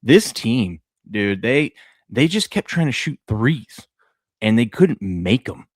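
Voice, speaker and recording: A man co-hosting a sports podcast, telling rambling, excitable stories in casual chat. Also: mid-range voice, slow pace, dry recording, clean studio sound. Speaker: podcast co-host.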